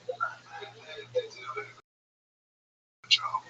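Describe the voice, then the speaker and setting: A man's voice: takes it slowly, pushed and bright, far from the mic, highs cut off, a little hiss or hum. A man hosting a livestream, chatting casually in a rambling, profane way with lots of stammered restarts. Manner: rambling, profane, repeats himself. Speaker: livestream host.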